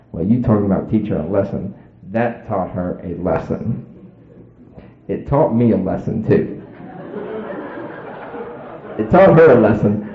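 A male preacher tells a homespun story from the pulpit in a folksy, animated way. His fairly low voice rises and falls a lot. The old recording is thin and phone-like, with a roomy church echo. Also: measured pace, long pauses, a little hiss or hum. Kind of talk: storytelling sermon.

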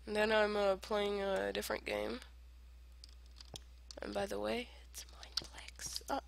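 A woman giving casual gameplay commentary, rambling in silly self-talk and arguing with herself, swinging between whispered asides and loud outbursts. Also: mid-range voice, flat delivery, a little slow, vocal fry. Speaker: gamer playing online survival matches. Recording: noisy home recording with clicks.

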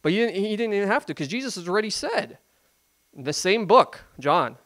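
Man, pastor, sermon, conversational, emphatic, rhetorical questions, fairly high voice. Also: very animated, moderate pace, a bit bright.

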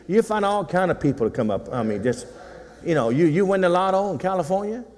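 A pastor in his sixties with a high, slightly mellow voice preaches a little fast, his intonation lively. He teases the congregation in a folksy way and calls for responses, his sermon ringing with long hall reverb in the church sanctuary.

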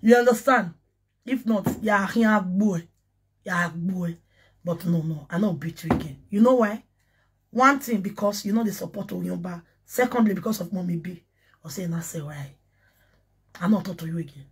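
A woman from Nigeria with a Nigerian Pidgin accent, ranting excitedly on a casual livestream and breaking into chanted syllables and laughter. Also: fairly low pitch, normal speed, husky. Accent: Nigerian Pidgin English. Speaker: social media personality.

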